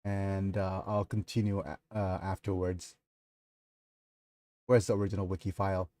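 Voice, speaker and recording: A man chatting casually on a livestream about his novel, halting and apologetic, with many fillers. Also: low voice, monotone, mellow, no room sound.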